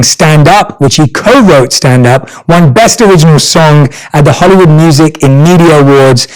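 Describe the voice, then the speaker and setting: A man's voice: a little high, low-quality recording. A man with a London accent hosting a podcast, reading a guest introduction and then chatting casually. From North London, England. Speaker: podcast host. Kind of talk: casual interview chat.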